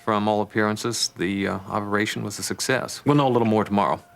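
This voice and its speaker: An actor playing a measured, matter-of-fact hospital doctor. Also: male voice, on the low side, fairly even intonation, gravelly. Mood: informative.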